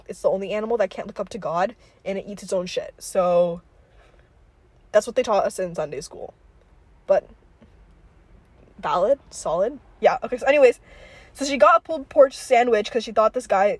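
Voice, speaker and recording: A woman's voice: mid-range voice, no room sound. A young woman hosting a podcast, telling a story in a rambling, profane way, full of fillers. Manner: rambling, profane, filler-heavy with frequent likes. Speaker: podcast host. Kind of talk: casual storytelling chat.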